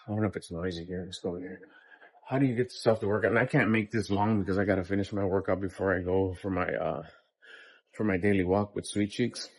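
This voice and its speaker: A man's voice: low-pitched, fairly even intonation, fast. A man in his fifties giving a casual, profane motivational talk between workout sets in a day-in-my-life vlog. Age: 50s. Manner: blunt, profane and pep-talking. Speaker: vlogger.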